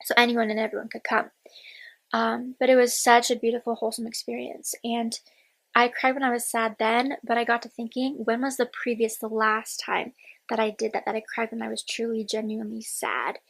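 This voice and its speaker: Woman, twenties, slightly high voice, casual diary vlog, rambling, candid. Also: little pitch movement, fairly quick, gravelly, low-quality recording. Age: 20s. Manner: rambling and candid, with fillers and sudden whispers. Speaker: vlogger.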